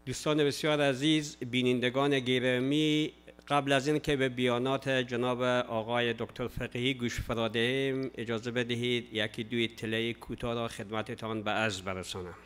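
A man's voice: medium pitch, little pitch movement, rapid-fire, fairly bright tone, clean tone. A man hosting a community program, making polite and formal announcements to viewers. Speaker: program host.

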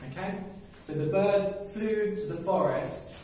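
A man telling a simple story slowly for English learners, often repeating words and checking that listeners follow. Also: sits high, a little mellow, a little hiss or hum. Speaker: English teacher. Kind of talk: slow story-telling lesson. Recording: echoey room, mic at a distance.

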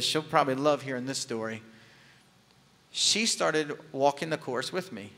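A man's voice: mid-range voice, normal speed, pushed and bright. A man preaching a sermon as a pastor, telling a personal story in a candid, conversational way with touches of humor. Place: church sanctuary. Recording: long hall reverb.

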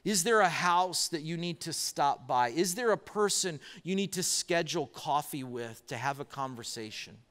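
A male pastor delivers a sermon, slowing into stories and stacking up rhetorical questions for the congregation. His voice sits a little high for a man and carries a long reverb from the church hall. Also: lively intonation, a bit bright. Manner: storytelling with pauses and rhetorical questions. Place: church auditorium.

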